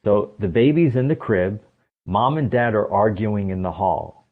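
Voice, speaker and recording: A man's voice: fairly low pitch, unhurried. Emphatic man on a tinny phone line. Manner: emphatic, asks rhetorical questions. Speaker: podcast guest, stress coach. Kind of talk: explanatory interview talk.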